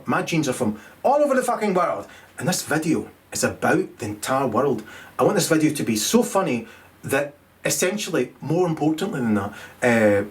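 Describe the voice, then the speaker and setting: A middle-aged man rambles through a crude comic monologue. He swears freely, trips over his own restarts and chuckles at his jokes, his voice sitting a touch high for a man. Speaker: comedian.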